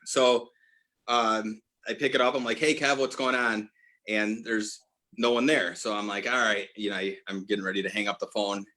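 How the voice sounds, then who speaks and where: Forties guy telling a heartfelt story, bright forceful voice, keeps restarting sentences. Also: on the low side, flat delivery, moderate pace. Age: 40s. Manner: earnest, tumbling restarts and self-corrections. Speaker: guest, apparel brand owner. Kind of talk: emotional personal storytelling.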